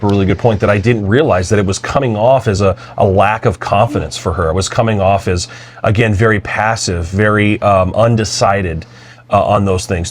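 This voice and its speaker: Guy with a lower voice cohosting a podcast, earnest and thinking out loud, restarts a lot. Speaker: podcast co-host. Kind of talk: casual conversational podcast talk.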